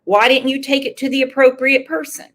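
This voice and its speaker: Woman host doing true crime commentary, slightly high voice, opinionated. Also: flat delivery, brisk, a bit bright. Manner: opinionated, asks rhetorical questions.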